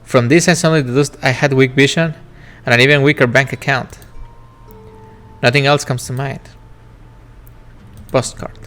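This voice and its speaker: A man's voice: medium pitch, steady tone, moderate pace, pauses often, fairly bright tone. A man streaming a narrative game, reading its first-person text in a reflective, wistful way. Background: faint game music.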